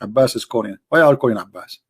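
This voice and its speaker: Arabic-accented guy hosting a live stream, mocking and sarcastic, lots of rhetorical questions, mid pitch. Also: rapid-fire, loud music behind the voice. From Arab world. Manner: loose, broken grammar with many "like" and "brother". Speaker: host of a live debate stream. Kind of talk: casual live-stream talk.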